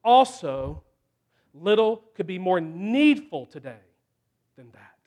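A man preaching a sermon, slow and emphatic, with dramatic pauses between phrases. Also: high voice, big pitch swings, a little mellow.

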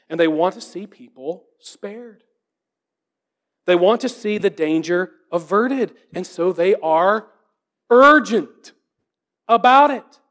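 Preaching earnestly in a high-pitched voice, a pastor drives his sermon with rhetorical, repeated questions. At moments he lowers his voice to a hush.

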